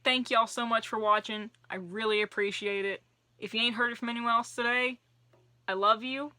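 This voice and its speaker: Young female book vlogger, chatty, bright and crisp voice, dry close sound. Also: fairly high pitch, normal speed, no room sound. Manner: chatty and animated, playful asides. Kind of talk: casual vlog talk to camera.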